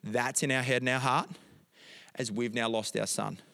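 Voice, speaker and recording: A man's voice: mid-range voice, steady tone, normal speed, gravelly, bright, forceful tone, in a large hall. A middle-aged man, a pastor telling a family story in a sermon and moving into emphatic prayer.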